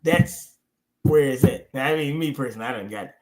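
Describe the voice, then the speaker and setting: A man hosting a livestream chat, telling stories in an animated way, swearing and laughing. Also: mid-range voice, fast talker, soft background music. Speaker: show host. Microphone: streaming call.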